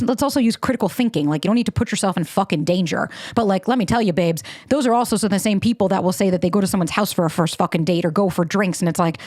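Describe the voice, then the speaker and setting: A woman's voice: mid-range voice, a little mellow, no room sound, studio quality. A woman hosting her own podcast, giving candid advice in a casual solo monologue, blunt and swearing freely. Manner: acts out her own past thoughts in quick asides. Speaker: podcast host.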